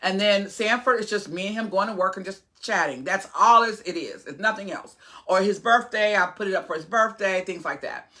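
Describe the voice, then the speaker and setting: A woman in her forties with a bright, clear-toned voice, vlogging straight to her followers. She rambles in a chatty way, full of fillers and restarts, and gets earnest and opinionated. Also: medium pitch, brisk. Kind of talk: casual vlog talk to camera.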